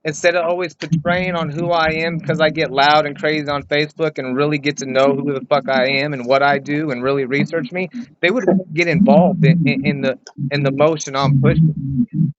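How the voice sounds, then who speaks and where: Halting, cursing man, fairly high voice. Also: level tone. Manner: halting, restarts, swears freely. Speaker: podcast guest. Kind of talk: casual podcast chat. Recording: dull lo-fi audio with faint noise.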